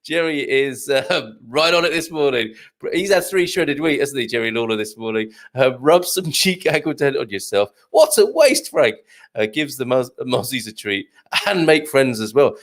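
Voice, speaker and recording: A man's voice: mid-range voice, moderate pace, fairly bright tone. A man hosting a live morning show, reading viewer comments aloud and joking with many fillers and chuckles. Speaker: show host.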